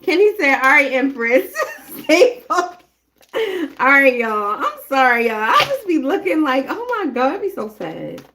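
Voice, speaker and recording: A woman's voice: high voice, big pitch swings, measured pace, background noise. A woman giving a casual live tarot reading, talking bluntly and chattily straight to her viewers. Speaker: tarot reader.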